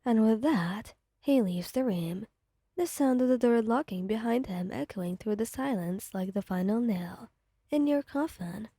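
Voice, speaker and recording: Breathy woman narrating a whispered role-play. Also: a little high, lively intonation, unhurried, dry recording. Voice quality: soft and hushed, often whispering. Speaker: ASMR storyteller.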